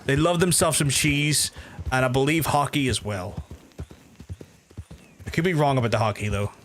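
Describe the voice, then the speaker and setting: Chatty man with a softened Belfast accent. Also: mid-range voice, normal speed, a little hiss or hum. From Northern Ireland. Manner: chatty, swears freely, many restarts. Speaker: streamer. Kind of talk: casual gameplay commentary.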